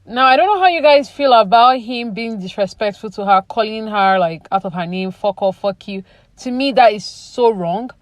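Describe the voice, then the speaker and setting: A woman's voice: a little high, expressive, normal speed, few pauses, dry recording. A woman giving a chatty, opinionated recap of reality TV, full of "you know" and "like". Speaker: reality TV commentary vlogger. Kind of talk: casual recap commentary.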